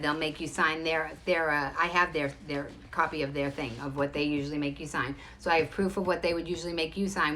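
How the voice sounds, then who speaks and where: A woman's voice: sits low, a bit bright, a little hiss or hum. A woman telling a personal story straight to camera, emphatic and full of restarts. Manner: rapid, emphatic, restarts a lot. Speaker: show host.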